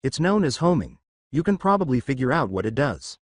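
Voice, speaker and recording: A man's voice: mid-range voice, sing-song, fairly quick, dry recording, clean studio sound. A man voicing a folksy cowboy gunslinger teacher who speaks in a challenging, playful way.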